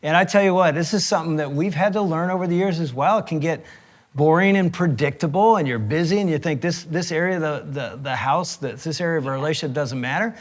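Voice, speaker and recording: Middle-aged male pastor-host; animated storyteller who acts out quotes, sits slightly high. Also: fast. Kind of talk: casual storytelling chat.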